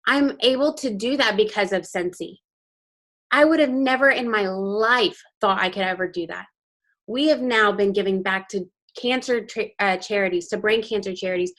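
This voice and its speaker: A woman's voice: medium pitch, a bit bright. A young woman speaking candidly and with emotion to her sales team over a video call, as a motivational guest speaker. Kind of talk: motivational team training talk.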